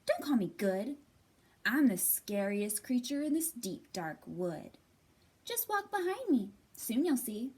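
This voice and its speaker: A woman voicing a tiny, clever, boastful male mouse in a children's storybook reading, high and cheeky. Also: sing-song, takes it slowly, darkish tone, breathy edge, full character voice.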